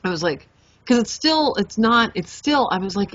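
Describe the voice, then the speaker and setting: A young adult woman co-hosting a podcast, telling a story in a lively, animated way, swearing freely and acting out her own reactions. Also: mid-range voice, normal speed, no room sound. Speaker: podcast co-host. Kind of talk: casual storytelling chat. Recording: dull lo-fi podcast mic.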